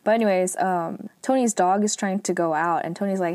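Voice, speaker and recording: A young woman casually retelling a TV drama episode, chatty and filled with "like" and "um", adding lively asides. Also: moderate pace, hardly any pauses, dry recording. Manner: chatty, heavy use of "like" and "um"; lively asides, acts out quotes in a higher voice. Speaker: drama recap vlogger.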